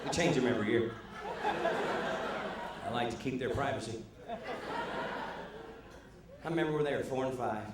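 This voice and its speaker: A middle-aged man doing a stand-up comedy set, animated and quick to jump into put-on voices. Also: heavy background noise. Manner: animated, jumps into high put-on character voices. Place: comedy club stage. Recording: distant mic in a loud echoey club.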